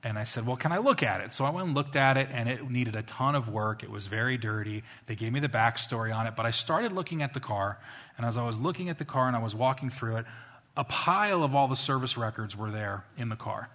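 A man preaching a sermon as a pastor, telling stories in an animated, conversational way. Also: medium pitch, quick pace.

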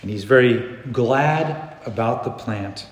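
A man preaching a sermon as pastor, animated, swinging between loud bursts and hushed passages. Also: medium pitch, takes it slowly, a little hiss or hum. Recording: echoey hall.

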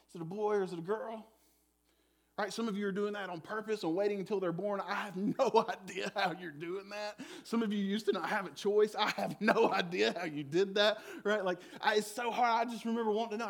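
A male pastor with a drawl delivers his sermon as a personal story. His voice sits high for a man, and he talks in an animated, chatty way with plenty of self-deprecating humor. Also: fairly quick.

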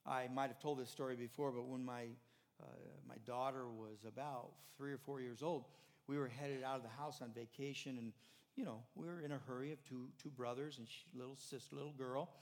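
A man's voice: medium pitch, fairly even intonation, brisk. Older male pastor preaching in a reverberant hall. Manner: conversational preaching, rising to emphatic then dropping soft. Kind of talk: sermon.

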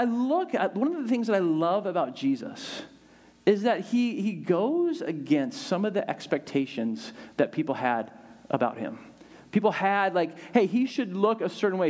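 Man, pastor, conversational sermon, slightly high voice, animated, lots of fillers.

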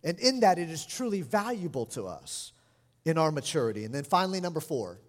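A middle-aged man preaching a sermon as pastor, animated and expressive, lively in his delivery. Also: a little high, a little fast. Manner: animated preaching, lively mimicry of scolding parents. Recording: long hall reverb.

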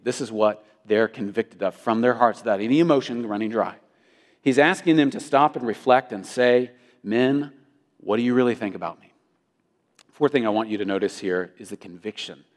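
A male pastor preaching an emphatic sermon, with his intensity rising and falling. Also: lowish voice. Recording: long hall reverb.

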